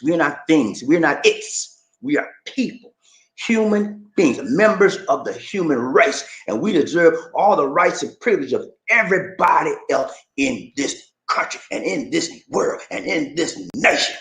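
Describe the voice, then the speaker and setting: A man hosting a casual livestream and reading viewer comments, animated and prone to repeating phrases. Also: a little high, moderate pace. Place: home in the Philippines. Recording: echoey room.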